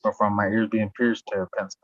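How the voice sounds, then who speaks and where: A man's voice: lowish voice, little pitch movement, fast talker, no room sound. A man telling a rambling story in casual chat, swearing often and laughing as he talks. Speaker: podcast guest. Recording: dull lo-fi sound.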